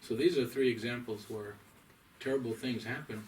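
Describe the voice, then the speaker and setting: Male rabbi, mid-range voice, slow emphatic lecturer, caught off-mic with light background hiss. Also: medium pitch. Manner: deliberate, emphatic, scholarly lecturing. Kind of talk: lecture to a small audience. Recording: distant mic, faint room noise.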